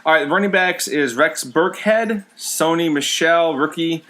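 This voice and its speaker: A man co-hosting a podcast in casual chat, relaxed and stumbling through fillers. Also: fairly high pitch, measured pace. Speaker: podcast co-host.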